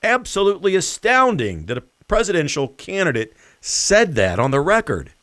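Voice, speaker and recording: A man hosting a political commentary show, speaking in an emphatic, deliberate and mocking way. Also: on the high side, huge pitch swings, fairly bright tone, no room sound, clean studio sound. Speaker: host.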